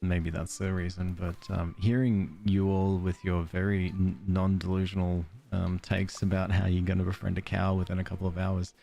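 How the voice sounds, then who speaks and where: A man's voice: deep voice, level tone, moderate pace, creaky, hardly any pauses, dark tone. An Australian man streaming a game, chatting casually with his viewers in a rambling, self-deprecating way and chuckling often. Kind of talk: casual let's-play chat, reading chat aloud.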